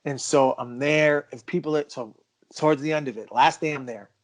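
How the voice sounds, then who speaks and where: A man's voice: a little high, moderate pace. A man co-hosting a podcast, telling a personal story in an emphatic, casual way and stressing that it is true. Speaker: podcast co-host.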